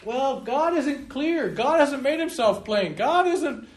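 A man putting on a high, mocking voice as a whiny doubter demanding plain answers. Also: animated, takes it slowly, heavily acted. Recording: roomy room echo.

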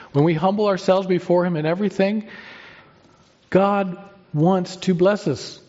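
A male pastor preaching a sermon with emphatic delivery, drawn-out pauses and rising stresses. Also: high voice, a little mellow, dull audio.

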